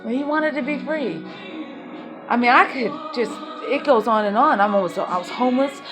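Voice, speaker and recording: A woman's voice: fairly high pitch, animated, moderate pace, over music. Emotional, rambling woman speaking bluntly. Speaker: mother telling her life story. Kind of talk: emotional personal storytelling.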